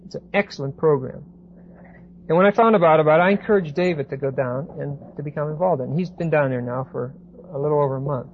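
A man giving a Bible class lecture, reading verses slowly with emphasis and then explaining them in casual asides. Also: a little high. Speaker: Bible teacher. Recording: dull lo-fi recording with faint hiss.

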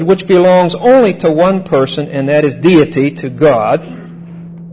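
A male pastor preaching a verse-by-verse sermon. He repeats key phrases, checks in with "Okay?", and slows down to stress key words. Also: on the high side, darkish tone, a little hiss or hum, poor audio. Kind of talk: expository sermon.

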